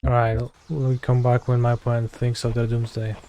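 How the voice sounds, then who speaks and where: A man's voice: medium pitch, little pitch movement, normal speed, dark tone, a little hiss or hum. Sarcastic Polish-accented streamer man. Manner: sarcastic, muttering, swears when frustrated. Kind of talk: casual gameplay commentary.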